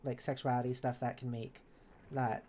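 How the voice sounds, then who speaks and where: A woman's voice: very deep voice, little pitch movement, normal speed, dark tone, slight background noise. A woman streamer in casual live chat while gaming, reading viewers' messages aloud and answering them kindly. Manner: chatty and self-correcting, with laughs.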